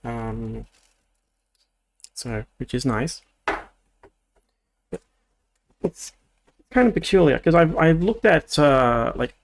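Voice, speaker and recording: A young man talks through his build in a loose, meandering way, often restarting his sentences as he thinks aloud. His voice sits at a middling pitch with a noticeable gravelly fry running through it. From Australia. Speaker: streamer. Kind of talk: casual livestream chat while building.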